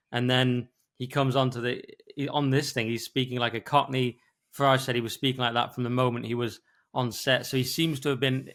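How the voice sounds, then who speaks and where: A tired man co-hosting a podcast, rambling quickly through his thoughts in casual talk. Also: medium pitch, fairly bright tone. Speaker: podcast co-host. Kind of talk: casual political discussion.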